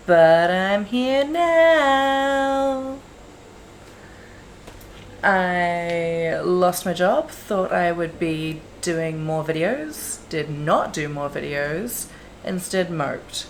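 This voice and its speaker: A woman's voice: sits low, unhurried, slight background noise, rough recording. A woman chatting casually as she unboxes and reviews a makeup collection, gushing and self-deprecating. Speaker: beauty vlogger.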